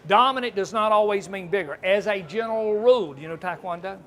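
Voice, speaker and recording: A man's voice: sits high, fast talker, fairly bright tone, a little hiss or hum. A man giving a folksy hunting seminar, joking and asking the audience questions. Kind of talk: folksy live seminar talk.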